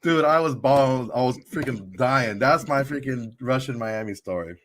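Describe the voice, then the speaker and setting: A man's voice: medium pitch, normal speed, fairly bright tone, slight background noise. Profane man telling a rambling story. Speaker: podcast co-host. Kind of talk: casual storytelling chat.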